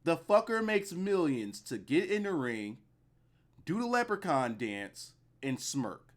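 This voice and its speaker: A man's voice: fairly high pitch, sing-song, takes it slowly. A man giving a casual, profane, rambling solo review of a wrestling show at his computer.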